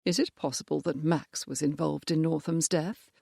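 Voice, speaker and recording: A man's voice: a little high, fairly even intonation, moderate pace, gravelly, darkish tone, no room sound, clean studio sound. A narrator voicing a young man, a frank, plain-spoken former soldier, in an audiobook. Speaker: character in an audiobook. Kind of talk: audiobook character voice.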